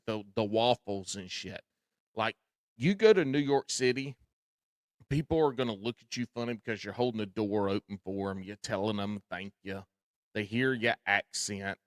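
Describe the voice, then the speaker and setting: A man with a Southern drawl hosting a podcast, chatting casually and telling animated stories with plenty of swearing. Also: medium pitch, dry recording, clean studio sound. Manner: animated, swears freely, storytelling. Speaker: podcast host. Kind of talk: casual chat.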